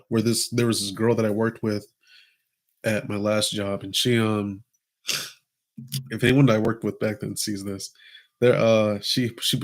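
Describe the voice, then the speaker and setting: A young man vlogging, telling a casual personal story in a slangy, animated way with lots of filler words. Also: lowish voice.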